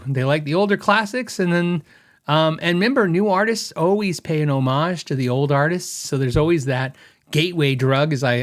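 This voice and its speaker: A middle-aged man with a slightly raised pitch hosts a casual podcast. He talks in an opinionated, rambling way, thinking aloud and reaching for fillers as he goes. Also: fairly bright tone. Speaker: podcast host.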